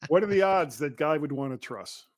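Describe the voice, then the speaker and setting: A male podcast co-host in easy, casual chat, quick with jokes and laughter. His voice sits a little high, and the sound is dry and close to the mic. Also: lively intonation, no echo. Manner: joking, laughs often.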